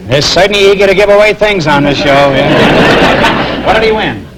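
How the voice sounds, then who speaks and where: A middle-aged man hosting a comedy quiz show, teasing his contestants with quick quips and trailing "huh?" tags. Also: high-pitched. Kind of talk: wisecracking quiz show banter. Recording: hissy 1949 broadcast recording.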